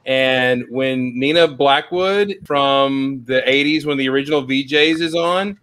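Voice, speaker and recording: A man chatting on a group stream, telling animated stories and repeating words as he goes. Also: medium pitch, unhurried, smooth. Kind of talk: casual chat on a group stream.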